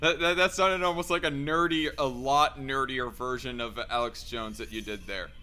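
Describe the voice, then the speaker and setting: A man's voice: medium pitch, fairly even intonation, moderate pace, pushed and bright, clean tone. A man hosting a podcast, talking in a casual, hesitant way and often correcting himself. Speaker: podcast host.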